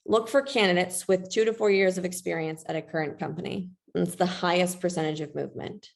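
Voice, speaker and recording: A woman's voice: on the low side, steady tone, fairly quick, gravelly. A woman presenting a webinar in a casual, chatty way, often saying "like" and keeping an upbeat tone.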